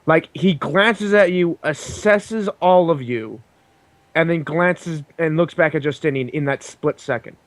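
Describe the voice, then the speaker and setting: Man running a tabletop game, halting. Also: a little high, no echo. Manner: halting, with many ums and restarts. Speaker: game master. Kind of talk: narrating a tabletop role-play game.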